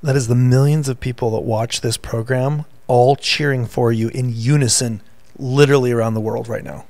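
A man's voice: mid-range voice, fairly even intonation, moderate pace, darkish tone, no echo. A man co-hosting a casual faith podcast, teasing his co-host and reading news headlines aloud in a playful quiz. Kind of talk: casual chat, quiz game.

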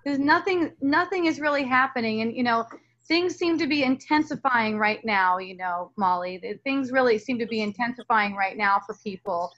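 A woman's voice: fairly high pitch, moderate pace, fairly bright tone, muffled recording. A woman talking as a spiritual teacher in a casual dialogue, earnest and rambling, with many restarts and fillers.

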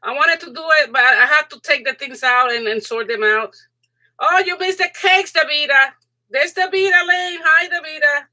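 Middle-aged woman hosting a live craft stream. High, bright, giggly voice that climbs when she's excited. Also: moderate pace. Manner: excitable, giggly, chatty, talks to viewers in chat. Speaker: crafting channel host. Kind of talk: casual live stream chat.

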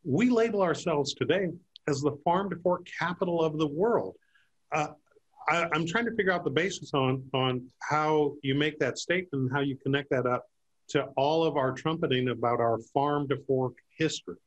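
A man's voice: fairly high pitch, normal speed, rough recording. Curious man asking questions. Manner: curious, hesitant, searching for words. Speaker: TV host interviewer. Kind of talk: interview questions.

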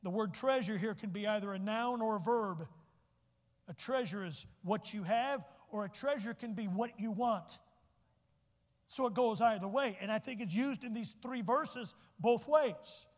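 A man, preaching a sermon as pastor, folksy, joking asides and repeating his points slowly. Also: sits high. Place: church sanctuary. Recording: long church reverb.

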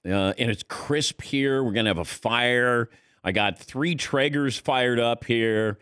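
A man's voice: medium pitch, takes it slowly, fairly bright tone, clean tone, dry recording, studio quality. A man hosting a radio show, bantering in a casual, teasing way and laughing often.

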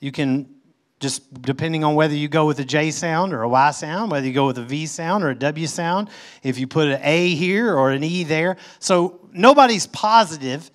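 Emphatic, conversational male pastor. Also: normal speed. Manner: conversational teaching, reads scripture aloud and explains it; emphatic swings in pitch and loudness. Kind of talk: sermon.

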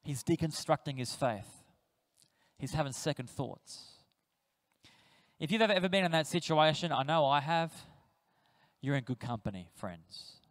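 Aussie pastor guy preaching, high-ish voice, acts out bible characters, big echoey church. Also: normal speed, pauses often. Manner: animated storytelling, acts out quoted voices. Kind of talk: sermon. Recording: reverberant church hall.

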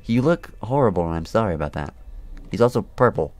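Speaking fairly quickly in a lowish, sing-song voice, a man plays a horror game for a gaming video and chats to himself. He gets jumpy, swears, and breaks into nervous laughter, all captured in a dry recording.

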